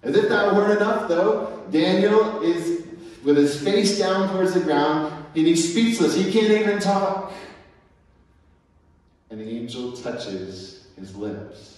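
A man preaching a sermon as pastor, emphatic, swinging between loud and soft. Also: sits high, lively intonation, takes it slowly. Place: church sanctuary. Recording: echoey hall, mic far off.

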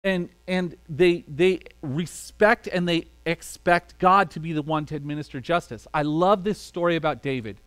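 A man's voice: on the high side, normal speed, hardly any pauses, a bit bright, clear, resonant tone, no room sound. A man preaching a sermon in a conversational way, acting out small quoted exchanges as he goes. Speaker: pastor.

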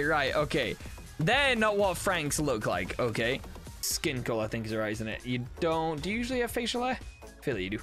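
A man chats on a gaming stream in a high, lively voice that swings all over its range. His tone is bright and sharp, and he swears freely and cracks up as he talks. Faint music plays underneath. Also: a little fast. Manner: excitable, swears, bursts into laughter. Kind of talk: casual gaming stream chat.

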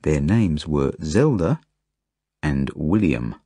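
A man's voice: rumbling low, sing-song, slow pace, crowd noise, pitched below the performer's own voice, full character voice. A man reading an audiobook voices a bossy, cross little girl who talks insistently and scolds.

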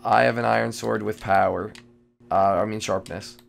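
A man giving live commentary while playing a multiplayer game, jittery and excitable, repeating phrases and breaking into sudden loud outbursts. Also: lowish voice, normal speed, gravelly. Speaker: gamer playing a multiplayer survival match.

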